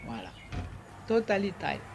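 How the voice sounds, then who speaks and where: A man, explaining things in an interview in a halting way, repeating words and slipping into French. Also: high-pitched, big pitch swings, vocal fry, background noise. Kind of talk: conversational explaining.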